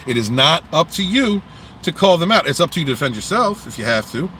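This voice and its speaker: A man hosting a casual livestream, talking bluntly and profanely in an animated rant, outdoors near traffic. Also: on the high side, fairly quick, rough recording. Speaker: livestream host.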